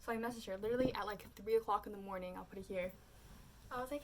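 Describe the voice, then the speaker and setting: A young woman vlogger chatting casually through a story, full of "like"s, and she voices her own remarks in quotes with high squeals. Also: steady tone, fast talker, fairly bright tone, a little hiss or hum.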